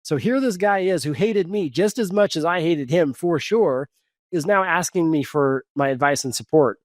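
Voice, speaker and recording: A man, a coach and podcast guest, tells a personal story in a casual, animated way, full of fillers and restarts. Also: on the high side, moderate pace, no echo.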